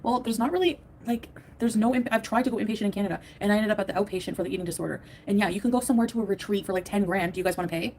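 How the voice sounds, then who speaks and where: A woman's voice: mid-range voice, rapid-fire, a little mellow, slight background noise. A woman livestreaming at home, defensive and profane, ranting at her chat while tired and in a bad mood. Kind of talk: angry livestream rant to chat.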